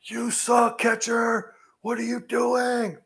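A man's voice: very high-pitched, monotone, slow, a bit bright, breathy edge, pitched above the performer's own voice, heavily acted. A man voicing a teenage boy heckling a catcher from the stands. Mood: taunting. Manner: taunting, mocking.

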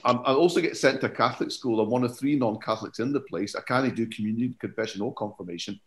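A male comedian with a Scottish voice that carries a faint English tinge. He chats casually and spins animated stories full of quick asides. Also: mid-range voice. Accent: slightly English-tinged Scottish. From Scotland. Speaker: comedian guest. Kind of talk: casual podcast chat.

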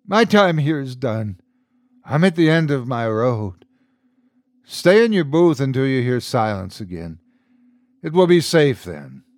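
A man plays a guilt-ridden, frightened figure who claims to be God and begs for absolution in a spoken horror tale. The delivery swings widely in pitch and unhurriedly, close and dry on the mic. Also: very animated, unhurried, pauses often, no room sound. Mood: urgent. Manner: pleading, confessional.

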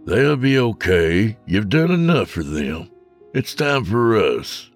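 A man voicing a bitter, angry middle-aged husband, gruff and resentful. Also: on the low side, big pitch swings, slow pace, faint music behind, pitched above the performer's own voice, exaggerated voice. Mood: dismissive. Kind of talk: horror story narration.

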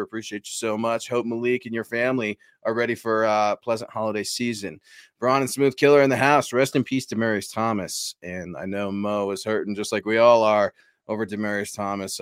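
A man's voice: lowish voice, fairly bright tone, dry recording, clean studio sound. A man co-hosting a casual sports podcast, talking in an earnest, reflective way and reading out viewer comments. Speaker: podcast co-host.

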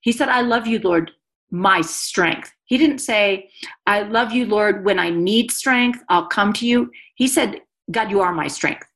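Animated woman talking faith. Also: mid-range voice. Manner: animated, quick bursts and teasing humor. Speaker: guest speaker. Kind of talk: faith-based conversation.

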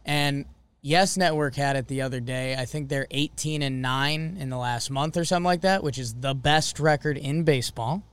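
A man co-hosting a sports podcast in casual, excitable chat. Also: medium pitch, moderate pace, clear, resonant tone. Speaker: podcast co-host.

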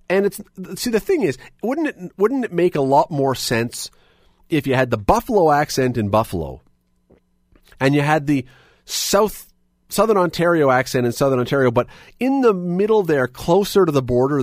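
A man's voice: mid-range voice, darkish tone, dry recording. A Canadian man hosting a radio talk show, chatty and opinionated, full of rambling asides into a studio microphone.

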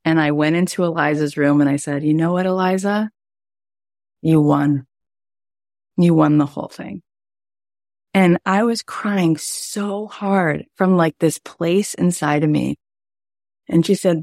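A woman's voice: sits low, measured pace, long pauses, darkish tone, no echo, studio quality. A woman in her forties, a podcast host and coach, tells a personal story on a coaching call in a chatty, emotional way full of "like" fillers.

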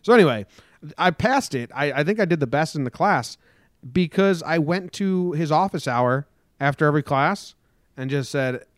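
A man's voice: on the high side, lively intonation, normal speed, no echo, studio quality. A young man co-hosting a casual podcast, laid-back and wry, swearing now and then. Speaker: podcast co-host. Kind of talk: casual chat.

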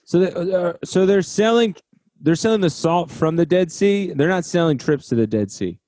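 Giggly high-voiced man. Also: animated, normal speed, mellow, no echo. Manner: giggly, laughs often, sheepish. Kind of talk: casual chat.

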